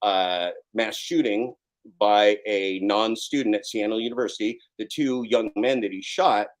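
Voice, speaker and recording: A man in his fifties, a guest in a live online interview, talking intensely and swearing, at times rising to a shout. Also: fairly low pitch, fairly even intonation, a little slow, low-quality recording. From Oregon. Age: 50s.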